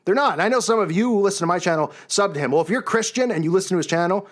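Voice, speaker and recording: A man hosting his own channel, delivering an angry, scornful rant, yelling and raising his voice. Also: high-pitched, expressive, rapid-fire. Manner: yells and raises his voice, scornful. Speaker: channel host.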